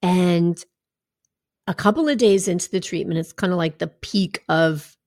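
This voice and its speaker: A woman's voice: lowish voice, a little slow, a little mellow, dry recording, studio quality. A middle-aged woman health coach talking candidly and conversationally, with asides to her listeners. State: recovering from a draining treatment. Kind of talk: casual personal talk to followers.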